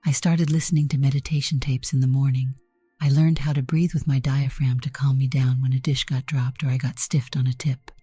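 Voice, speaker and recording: A woman narrating a first-person story in an even, measured way. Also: very deep voice, husky, no room sound.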